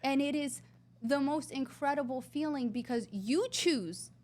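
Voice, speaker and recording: Earnest higher-voiced woman guest. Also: a little slow, darkish tone. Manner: earnest, emphatic, sometimes drawn out. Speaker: podcast guest. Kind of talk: conversational interview.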